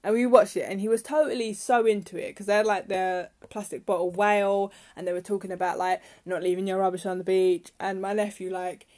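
A woman's voice: mid-range voice, fairly even intonation, brisk, few pauses, darkish tone. A young woman hosting a casual solo podcast, rambling and chatty and turning heated when she rants. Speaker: podcast host.

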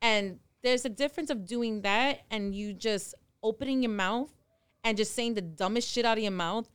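A woman co-hosting a podcast in casual chat, telling stories in an animated, blunt and profane way. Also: fairly high pitch, normal speed, clean tone, no room sound. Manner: animated storyteller, acts out both sides of a quarrel. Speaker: podcast co-host.

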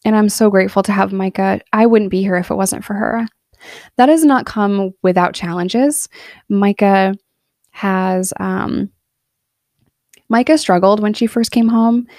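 A woman's voice: mid-range voice, steady tone, unhurried, darkish tone, no room sound, studio quality. A woman in her thirties telling her personal story in a candid, earnest monologue, emotional in places. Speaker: podcast storyteller.

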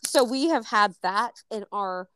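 A woman co-hosting a casual podcast, telling a story with lively acted-out quotes and plenty of swearing. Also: medium pitch, a little slow, smooth, no room sound. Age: adult. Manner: animated, acts out quoted dialogue, swears freely. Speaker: podcast co-host.

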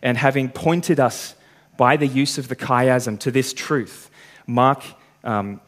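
A man's voice: medium pitch, steady tone, slow. A man preaching a sermon, working through a passage step by step and reading the scripture aloud.

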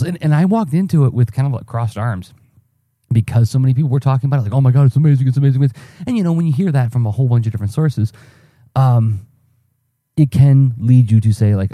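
A man with a low, very mellow and dark voice talks through a personal story on his podcast. He rambles, restarts sentences and fills gaps with ums, sounding dry and close to the mic. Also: dry recording. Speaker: podcast host. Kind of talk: casual solo podcast monologue.

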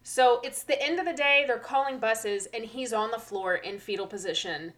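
A teacher co-hosting a podcast chats casually in a voice on the high side, at normal speed, with a crowd audible behind her. She tells stories animatedly, acting out children's voices.

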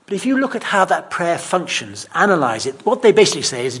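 A man's voice: fairly high pitch, very animated, quick pace, few pauses, fairly bright tone, husky. A man preaching a sermon in a conversational, emphatic, self-deprecating way.

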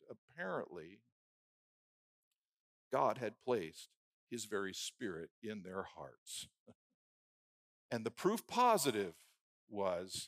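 Delivering a sermon, a man with a mid-range voice strings phrases into rhythmic lists, then falls from loud emphasis to a hushed, prayerful murmur. The recording is dry and studio quality.

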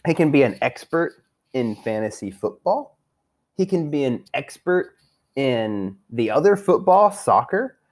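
Young man, profane rant, crude trash talk, swinging lively pitch, casual. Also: measured pace. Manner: crude, trash-talking, rambling, swears constantly. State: drinking. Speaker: fantasy football league member recapping the season.

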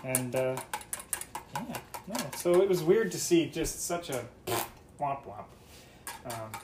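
A Canadian man hosts a casual solo podcast from his home kitchen, rambling, joking and swearing plenty as he cooks breakfast. His voice is fairly high and animated, and he talks slowly. Dishes and cutlery clatter in the noisy background.

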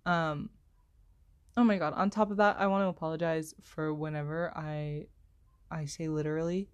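Young woman, somewhat low voice, slow self-deprecating solo podcast ramble with constant fillers, headset mic. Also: fairly even intonation, clear, resonant tone. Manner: self-deprecating, apologetic, heavy filler words; speaks slowly, pauses to find words. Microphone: headphone microphone.

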